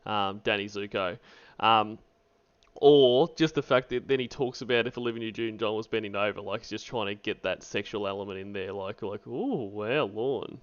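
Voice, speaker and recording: A man's voice: on the low side, level tone, a little fast, smooth. Aussie guy riffing on old radio calls, casual and sweary, kinda muffled audio. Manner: chatty, loose, swears freely. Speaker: stream host.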